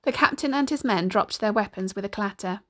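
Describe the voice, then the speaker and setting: A woman's voice: medium pitch, brisk. Woman reading a storybook aloud. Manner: steady, expressive storytelling. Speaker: narrator.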